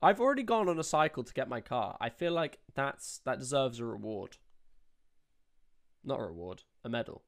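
Teasing hungover man with a gravelly voice. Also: medium pitch, expressive, moderate pace. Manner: teasing, dry banter. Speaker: podcast co-host. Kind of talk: casual podcast chat.

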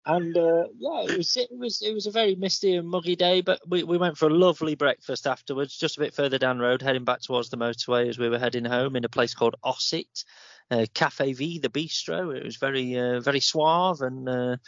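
A man's voice: a little high, steady tone, brisk, no echo. A man, chatting casually as a podcast co-host, rambling and laughing easily. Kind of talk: casual chat. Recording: dull, dry lo-fi sound.

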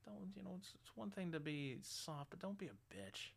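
A middle-aged man hosting a radio show, ranting bluntly and swearing constantly, loud and animated. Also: high voice, moderate pace, gravelly, breathy edge. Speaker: radio host. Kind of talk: profane ranting monologue.

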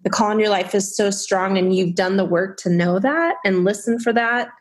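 A woman's voice: medium pitch, normal speed. A woman hosting a faith podcast, asking reflective questions and affirming her guest. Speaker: podcast host. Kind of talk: conversational interviewing.

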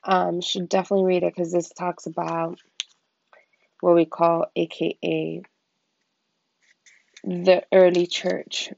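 A woman hosting a podcast episode of casual Bible teaching. She talks in an excitable, rambling way, with many exclamations, on a slightly muffled lo-fi recording. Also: fairly low pitch, slow, creaky, pauses often. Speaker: podcast host.

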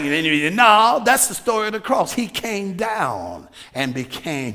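High bright-voiced preacher man, emphatic, lots of questions, big hall echo. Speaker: pastor. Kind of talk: sermon. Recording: reverberant hall.

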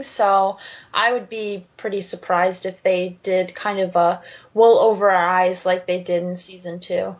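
A woman podcast co-host in casual chat, reasoning through her points in a measured way. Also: mid-range voice. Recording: muffled lo-fi audio.

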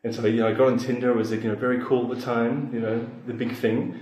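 A man, a podcast guest telling a dating story in a relaxed, self-deprecating way, laughing along. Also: medium pitch, fast talker, echoey room, poor audio. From Australia. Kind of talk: casual storytelling chat.

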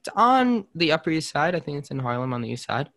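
A man's voice: fairly high pitch, very animated, quick pace, fairly bright tone. Rambling man hosting a casual podcast. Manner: rambling, many fillers and restarts, jumps between topics. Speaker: podcast host. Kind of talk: casual chat.

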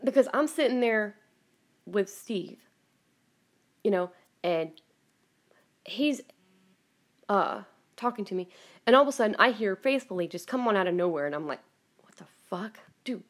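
This podcast host has a mid-range voice with lively intonation, speaking at normal speed and pausing often. Chatting casually at home, she rambles through a personal monologue, laughing frequently and swearing now and then, on a home recording.

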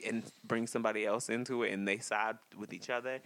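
A man hosting a casual podcast, recapping a reality show in an animated, slangy way and acting out his own reactions. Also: fairly low pitch, a little hiss or hum. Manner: animated, laughing, acts out reactions in quotes; slangy, drawn-out storytelling. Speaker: podcast host.

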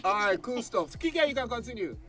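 A man's voice: very high voice, very animated, a little fast, over music. A man hosting a casual group chat, asking questions and laughing often. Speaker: podcast host.

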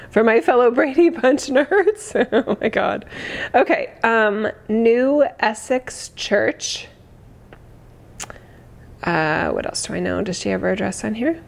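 A woman in her forties, hoarse today, chatting effusively on a livestream, laughing often as she reads comments. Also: on the high side, measured pace. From United States. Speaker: livestream host. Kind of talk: casual livestream chat reading comments.

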